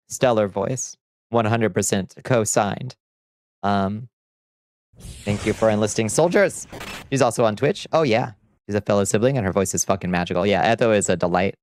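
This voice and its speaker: Chatty streamer with a smooth, dry voice. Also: male voice, fairly low pitch, dry recording. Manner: chatty, laughs often, reads out chat. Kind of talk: casual livestream chat.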